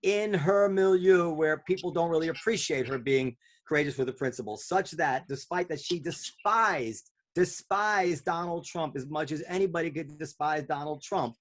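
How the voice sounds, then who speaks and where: A podcast host leads a casual round-table talk in a slightly higher voice, at normal speed with few pauses. He rambles loosely and conversationally, circling back often, with plenty of ums, fillers and restarted phrases.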